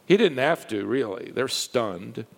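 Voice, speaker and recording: A man preaching a sermon, telling stories with lively rises and a hushed drop for the quiet parts. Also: medium pitch, measured pace, gravelly. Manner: lively storytelling, dropping to a hush for quiet lines. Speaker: pastor. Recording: long hall reverb.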